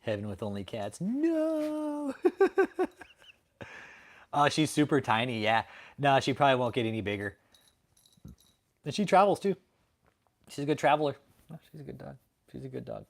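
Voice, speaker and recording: Brief: male stream host, casual and profane, animated pitch. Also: fairly quick, creaky, long pauses. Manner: laid-back, profane, laughing a lot. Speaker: livestream host. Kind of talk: casual chat.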